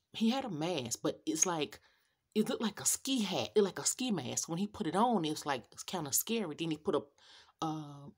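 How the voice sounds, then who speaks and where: A middle-aged woman, a rideshare driver, telling a story to her viewers in an animated, sassy rant. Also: low voice. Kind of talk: casual storytelling rant to camera.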